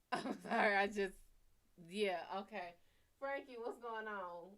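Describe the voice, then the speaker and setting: A woman's voice: mid-range voice, takes it slowly, a bit bright. Blunt, profane woman reading tarot live. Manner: blunt, casual, swears freely; reads viewer names and questions aloud. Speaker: tarot reader.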